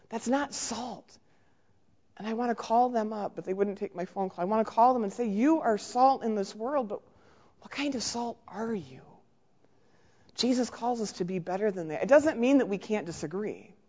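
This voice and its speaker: A woman's voice: mid-range voice, darkish tone. A woman preaching a conversational sermon in church, often putting questions to the congregation. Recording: dull recording in a large reverberant hall.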